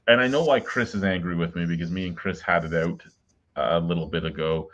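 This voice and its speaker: Through dull, lo-fi video call audio, a man hosts a laid-back podcast beer chat in a low, slightly bright voice at a quick pace. He rants his way through stories, blunt and cursing.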